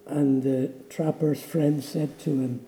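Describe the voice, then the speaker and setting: A man's voice: a little high, fairly even intonation, takes it slowly, warm tone, roomy sound, slight background noise, low-quality recording. A man preaching a sermon in a church, telling a story dramatically and then leading a solemn prayer. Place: church sanctuary.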